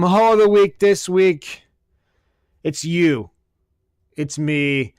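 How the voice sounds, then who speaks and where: A man's voice: on the high side, clear, resonant tone, dry recording, clean studio sound. A man hosting a podcast, ranting crudely and sarcastically and swearing constantly. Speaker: podcast host. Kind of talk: profane comedic rant.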